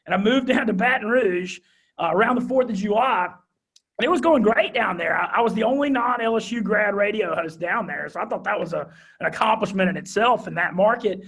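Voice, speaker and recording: Young Southern man, thick drawl, fiery storyteller, high husky voice. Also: fairly quick. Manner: high-energy, animated, excited. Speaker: guest, radio host. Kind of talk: interview storytelling.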